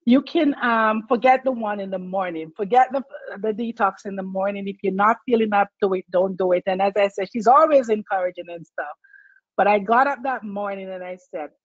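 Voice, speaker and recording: A woman's voice: medium pitch, no room sound. A woman telling her own story in a chatty, storytelling way, laughing often and acting out what other people said. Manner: chatty, laughs often, acts out quoted voices. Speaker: client giving a testimonial. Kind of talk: casual personal storytelling. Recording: dull dry lo-fi sound.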